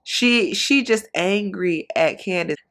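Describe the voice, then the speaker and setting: A woman giving blunt, gossipy commentary on a reality TV episode in a casual, animated way. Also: mid-range voice, slow. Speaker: reaction commentator.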